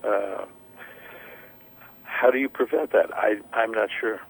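Lower-voiced councilman, measured and hesitant. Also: rough recording. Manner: measured, hesitant, repeats words. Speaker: city council member, guest. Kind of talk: radio interview.

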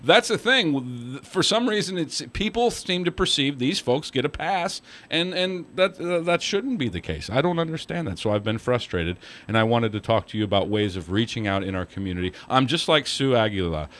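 Brief: male talk radio host, animated, frustrated, swinging pitch. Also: moderate pace, few pauses. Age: young adult. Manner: animated, frustrated ranting with quoted asides.

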